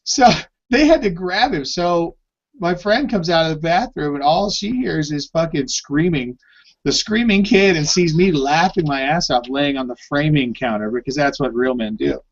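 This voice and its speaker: A man's voice: on the high side, animated, normal speed. A man co-hosting a live stream chat, telling an anecdote with lots of energy and free swearing. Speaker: podcast co-host. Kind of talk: casual storytelling chat. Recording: dull lo-fi live stream audio.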